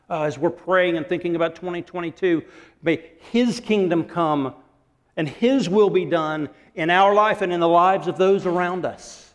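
A man preaching a sermon as pastor, animated, acting out quotes and laughing often. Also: a little high, normal speed. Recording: long hall reverb.

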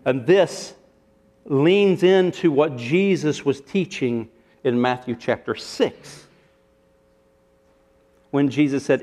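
A man's voice: mid-range voice, takes it slowly, long pauses, a little mellow. A man preaching a sermon, retelling a parable with rhetorical questions and shifting emphasis. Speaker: pastor.

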